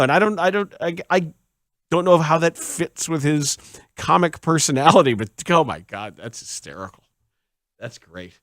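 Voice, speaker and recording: A man hosting sports talk radio, joking around and sometimes rising to shouts of disbelief. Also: mid-range voice, dry recording, studio quality.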